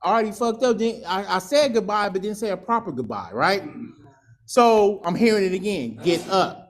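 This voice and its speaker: High-voiced man telling a raw recovery story. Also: animated, normal speed. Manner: candid, profane, storytelling with laughs and acted quotes. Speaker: alumni speaker sharing recovery story. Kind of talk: personal testimony at a recovery meeting.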